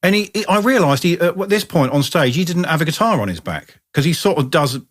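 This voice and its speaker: A man's voice: fairly high pitch, very animated, brisk. A man, co-hosting a podcast in casual chat and telling enthusiastic, sweary stories. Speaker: podcast co-host.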